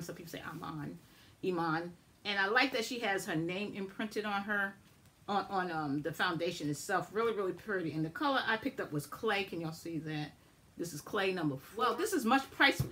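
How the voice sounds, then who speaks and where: A woman chatting casually and excitedly to viewers as she shows and swatches makeup finds. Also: medium pitch. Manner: chatty, excitable, addresses viewers as y'all and guys. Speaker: beauty vlogger. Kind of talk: casual makeup haul review.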